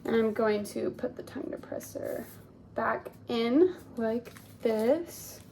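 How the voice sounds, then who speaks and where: With a slow pace, vocal fry and a slightly high, a little mellow voice, a young woman gives a clinical exam as a speech therapy student examiner. She offers polite, encouraging step-by-step directions, repeating "awesome," against a little hiss or hum.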